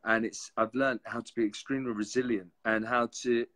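An earnest man of middle pitch chatting casually about self-growth. He rambles a little and restarts often. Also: fairly even intonation, fairly quick, fairly bright tone. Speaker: co-host. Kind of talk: casual motivational chat.

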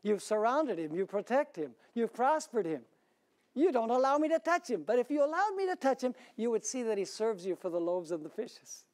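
A man's voice: very high voice, big pitch swings, normal speed, darkish tone. Sly male devil arguing his case, a preacher doing the voice, in a sermon retelling. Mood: insinuating.

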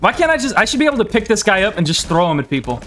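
A man's voice: high voice, very animated, racing, a bit bright, a little hiss or hum. A young man streaming a game, rambling in casual, profane talk, often restarting sentences and laughing between words. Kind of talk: casual live-stream gaming commentary.

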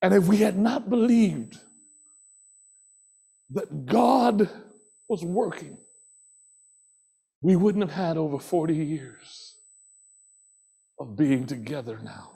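A man preaching a sermon as pastor, impassioned, shouting some phrases and dropping soft on others, repeating rhythmic refrains. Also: a little high, expressive, slow, creaky, long pauses, breathy edge.

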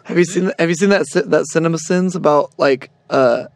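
A young man chatting casually while gaming with a friend, his voice sitting slightly high. He jokes constantly, laughs at his own lines and slips into mock deadpan reading. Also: fairly quick. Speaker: gaming channel co-host. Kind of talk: casual gameplay banter.

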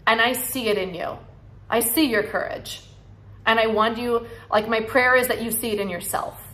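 Earnest woman coach, slightly high voice. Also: steady tone, normal speed, a bit bright. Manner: earnest, encouraging, repeats affirmations. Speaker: sobriety coach and channel host. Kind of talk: heartfelt direct-to-camera talk.

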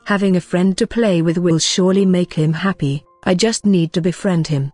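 Woman reading as an eager little princess, stubborn, low and husky, soft music behind, storybook recap. She calls herself by name and keeps pleading. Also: moderate pace, no echo, natural voice. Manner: childlike, talks of herself by name.

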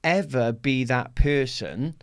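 Man, middle-aged, interview guest: animated storyteller, laughs through his tales, swears freely. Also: medium pitch, takes it slowly, clear, resonant tone. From Wales. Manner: laughs often, swears freely, acts out his own shouts.

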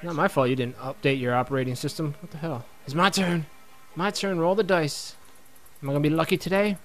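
Faint music sits behind a young man whose voice is a little high and brisk. Playing through a game for a let's-play, he offers silly, joking commentary, talks back at the characters, and keeps laughing.

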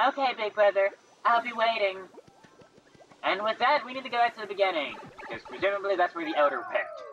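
A woman's voice: lowish voice, bright, forceful tone, lo-fi sound. A woman casually commenting on a video game as she plays, rambling and chatty. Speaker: let's play commentator.

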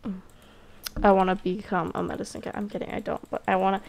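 Woman gamer, casual and excitable, gravelly fry in the voice. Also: medium pitch, a little fast. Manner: giggly, excitable, self-mocking. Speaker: gamer playing a cat role-play game. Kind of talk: casual let's-play commentary.

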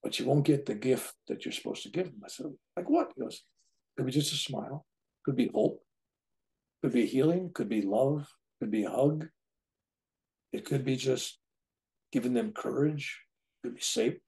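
A man's voice: mid-range voice, moderate pace, vocal fry, long pauses, a little mellow. A man in his seventies, an interview guest telling a personal story casually, acting out the dialogue and often checking in with "right?". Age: 70s. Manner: acts out quoted dialogue, tags lines with "right?".

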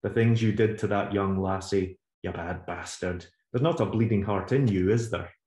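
A man's voice: deep voice, level tone, normal speed, mellow, natural voice. A man voicing a bitter, drunk older woman who hisses and curses down the phone in a roomy recording. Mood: venomous. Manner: hissing, cursing, menacing. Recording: roomy echo.

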